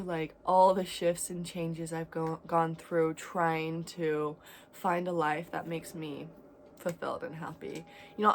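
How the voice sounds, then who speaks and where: A woman in her twenties talking in a candid, rambling vlog about her life, swinging between loud and quiet. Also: fairly low pitch, slight background noise. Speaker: vlogger. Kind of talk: casual confessional vlog.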